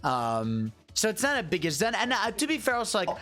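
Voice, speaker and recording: Animated male podcast host. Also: high-pitched, fast talker. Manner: animated, filler-heavy, agreeable. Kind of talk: casual gaming podcast chat.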